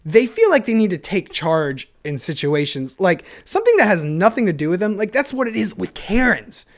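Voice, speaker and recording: Young male solo podcaster, higher-pitched, jumpy self-deprecating rambler. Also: moderate pace. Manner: energetic, self-deprecating, laughs often. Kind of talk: rambling casual monologue.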